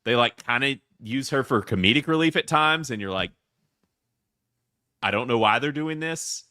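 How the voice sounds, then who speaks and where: A man with a Southern US accent, hosting a casual movie review chat, animated and rambling with lots of restarts. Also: mid-range voice, normal speed, no echo, clean studio sound. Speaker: podcast host.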